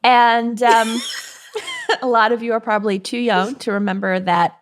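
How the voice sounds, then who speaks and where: A woman's voice: fairly high pitch, big pitch swings, a little slow. Chatty woman podcast co-host. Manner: chatty, laughs easily, reads show plugs. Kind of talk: casual chat.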